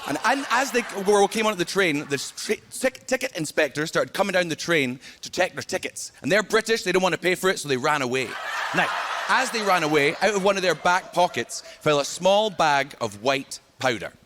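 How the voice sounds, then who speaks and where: A man with a Scottish accent from Scotland doing an animated stand-up set, telling stories with punchy asides to the crowd. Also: high-pitched, a little fast. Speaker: stand-up comedian. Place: large TV studio stage before a live audience. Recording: loud audience laughter, noisy stage.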